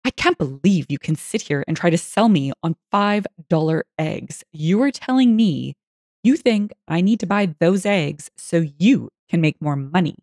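A woman's voice: fairly low pitch, lively intonation, moderate pace, no room sound, clean studio sound. A woman voicing a grumpy older man who rants indignantly about the price of eggs in a read-aloud story. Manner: indignant, yelling.

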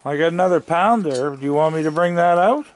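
A man's voice: fairly high pitch, dry recording. A man outdoors on his deck, chatting to the raccoons he feeds, filmed on a handheld camera. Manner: slow, gravelly, chatting fondly to raccoons. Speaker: raccoon feeder filming his yard. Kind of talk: casual talk to animals.

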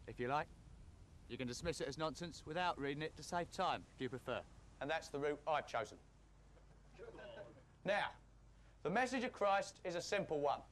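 London bloke comic doing a dry fake sermon, highish voice, bouncy up and down. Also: male voice, a bit bright, slight background noise. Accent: London English. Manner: dry, mock-preacher delivery with gruff blokey put-on. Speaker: comedian. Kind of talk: deadpan mock sermon.

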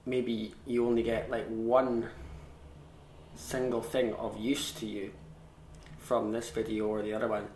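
A man giving a relaxed online fiddle lesson, chatty and self-deprecating, scat-singing rhythms as he explains them. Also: lowish voice, unhurried, slight background noise. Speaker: fiddle tutor. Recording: echoey room.

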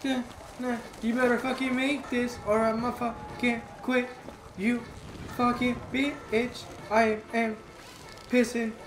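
A man's voice: very high-pitched, flat delivery, slow pace. A man giving gameplay commentary, frustrated and swearing constantly. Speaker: gamer. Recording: roomy with loud background noise.

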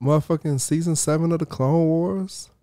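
A man co-hosting a podcast, bantering excitably and reading the news aloud. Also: a little high, no room sound, clean studio sound. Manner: excitable, quick banter, laughs a lot. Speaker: podcast co-host.

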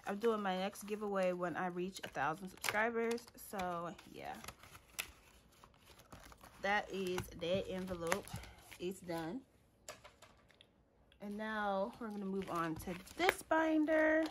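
Woman, casual budgeting vlog, chatty and laughing, table clicks, steady background noise. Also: mid-range voice, slow pace, pauses often. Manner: chatty, laughs often, talks to viewers as y'all. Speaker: budgeting vlogger. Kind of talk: casual chat while counting cash. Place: home room at a table.

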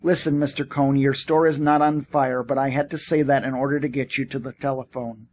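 An irritable young ex-soldier at the end of his rope, played by a man reading the book. He presses every word with exasperated force, in an ordinary middle-pitched voice. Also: flat delivery, fairly quick, natural voice. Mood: insistent. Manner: shouting, exasperated.

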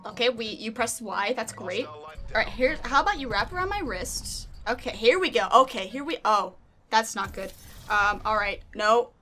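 Faint music plays behind a young woman who runs a gaming channel, chatting and giggling through gameplay while talking sweetly to her pet snake. Her fairly high voice has lively intonation, a bright, forceful tone, and normal speed.

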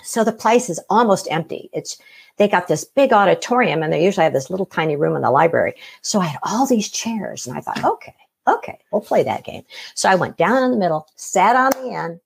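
A woman's voice: fairly low pitch, expressive, brisk, creaky, slightly rough. A middle-aged woman casually telling her own story, acting out the voices of the people in it. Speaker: guest telling her near-death experience.

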